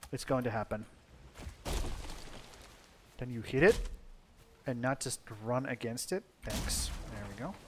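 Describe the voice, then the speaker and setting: A man's voice: mid-range voice, slight background noise. Profane rambling man streaming a game. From Finland. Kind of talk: casual gameplay commentary.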